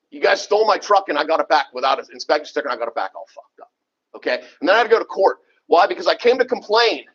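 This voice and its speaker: A husky man in a township meeting room tears into the board during public comment. He is heated and profane, and he keeps ending his points with a pushy "okay?" His voice sits fairly high and comes through a dull, lo-fi meeting recording. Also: a bit bright. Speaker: resident speaking at public comment.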